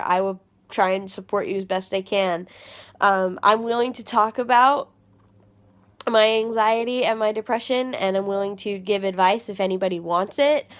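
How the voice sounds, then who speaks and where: A woman's voice: medium pitch, clean tone. A young adult woman talking openly to her viewers in a confessional vlog, earnest and rambling with fillers and restarts. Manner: stressed and frustrated venting. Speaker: vlogger.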